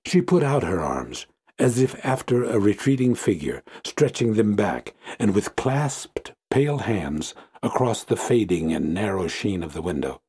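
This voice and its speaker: A man narrating a literary novel in first person, in a brooding, measured way. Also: fairly low pitch, sing-song, mellow, breathy edge. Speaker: audiobook narrator.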